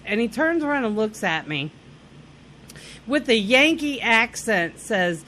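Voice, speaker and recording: Laughing, lively high-voiced woman. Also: moderate pace. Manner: animated, laughs often, shouts in quoted rants. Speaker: podcast co-host. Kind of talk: casual storytelling chat. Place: lives in Indiana.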